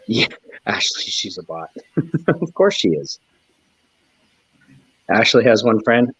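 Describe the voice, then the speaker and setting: Trucker host, male, husky and lively, casual stream chatter, lo-fi dry audio. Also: medium pitch, slow, long pauses, dry recording. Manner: chatty, laughs often, breaks into joking voices. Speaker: trucker hosting a live chat stream. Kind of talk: casual live-stream chat, reading and answering comments.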